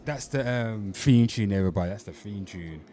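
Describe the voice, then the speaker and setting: A man's voice: lowish voice, animated, moderate pace, crowd noise. A young man hosting his channel in a brash, crude, repetitive way, hyping merchandise and calling out to viewers. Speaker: host. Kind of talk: brash comedic channel talk.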